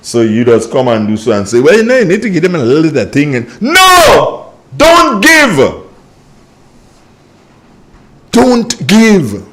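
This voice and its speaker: A man's voice: medium pitch, huge pitch swings, a little fast, fairly bright tone. A Grenadian man hosting a political radio talk show, scolding listeners and repeating points for emphasis.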